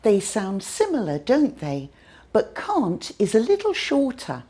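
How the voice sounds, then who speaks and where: British woman, English teacher, mellow tone, very animated intonation, careful word-by-word delivery. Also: on the high side, breathy edge. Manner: slow, careful demonstrations of pronunciation. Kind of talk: scripted language lesson.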